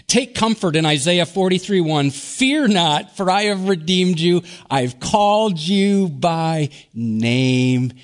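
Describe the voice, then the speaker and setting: A pastor from Wisconsin preaching in a slow, earnest way that sinks to hushed, whispered phrases on key words. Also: male voice, sits high. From Wisconsin, USA. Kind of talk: sermon.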